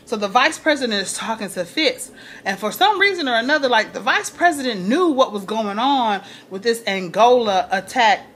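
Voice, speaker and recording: Animated woman recapping a TV episode. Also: moderate pace. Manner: animated, acts out quotes in a higher voice, laughs often. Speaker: TV recap vlogger.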